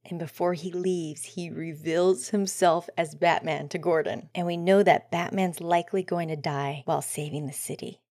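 A woman hosting a solo podcast, talking earnestly and often dropping into soft near-whispers. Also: on the low side, fairly even intonation, normal speed, few pauses, dry recording, clean studio sound. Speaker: podcast host.

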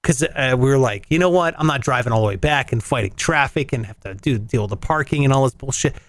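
A man hosting a show, telling a story in casual, profane, animated chat and acting out the voices in it. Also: mid-range voice, quick pace, no echo. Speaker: radio show host. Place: in Las Vegas.

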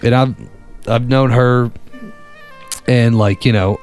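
A man's voice: mid-range voice, fairly even intonation, takes it slowly, a little mellow, soft background music. A man telling a rambling story in a casual, profane, laid-back way as a podcast host.

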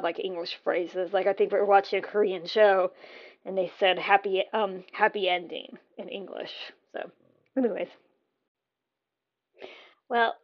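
American woman rambling about tv, gravelly voice, kinda dull lo-fi sound. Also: mid-range voice. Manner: meandering, self-correcting, thinks aloud. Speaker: podcast host. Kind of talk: casual rambling TV recap.

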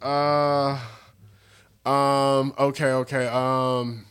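A man's voice: mid-range voice, flat delivery, extremely slow, fairly bright tone, smooth. A young man co-hosting a casual chat podcast, rambling and joking, often restarting his sentences. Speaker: podcast co-host.

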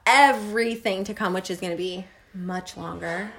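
Young mom cohosting a podcast, chatty, laughs a lot, middle pitch. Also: female voice, moderate pace, a bit bright. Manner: chatty, laughs often, quotes people in voices. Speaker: podcast co-host. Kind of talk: casual chat.

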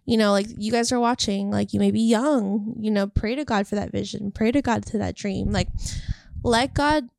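A woman's voice: mid-range voice, moderate pace, gravelly, a little mellow, no echo, studio quality. A young woman talking casually and earnestly to camera about faith and encouragement, rambling and heartfelt. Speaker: faith vlogger. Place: California.

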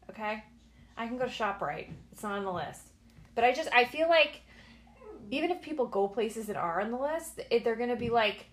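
A woman in her late thirties hosting a casual solo podcast from home, blunt, sarcastic and defiant. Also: fairly high pitch. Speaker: podcast host.

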